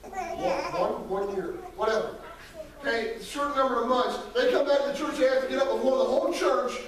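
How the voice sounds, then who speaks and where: High-voiced preacher in an echoey church. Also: male voice, animated, fairly quick, crowd noise. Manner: folksy storytelling, calls on congregation members by name; rises to shouting peaks, then drops very soft. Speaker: associate pastor. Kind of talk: preaching a sermon. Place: church sanctuary. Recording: echoey church hall, voice from far off.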